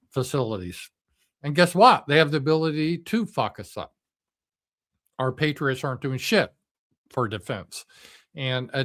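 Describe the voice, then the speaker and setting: A middle-aged man hosts a live commentary stream and talks completely off the cuff. He is crude and sarcastic, mocking as he goes, and often pauses on "uh" and "so" while his voice sits at an ordinary male pitch. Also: bright, forceful tone. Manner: profane, sarcastic and mocking, with frequent fillers. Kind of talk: unscripted political commentary.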